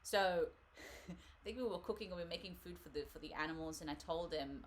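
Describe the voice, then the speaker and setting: Low-voiced chatty woman reading tarot. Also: fairly quick, slight background noise. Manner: chatty, rambling, laughs often. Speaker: tarot reader hosting a live stream. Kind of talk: casual live-stream reading.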